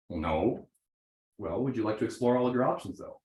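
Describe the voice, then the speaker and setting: A man teaching a live real estate seminar to an audience, animated, often checking in with "right?" and acting out sample conversations. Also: on the low side, a little fast. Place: training room with audience. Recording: roomy echo.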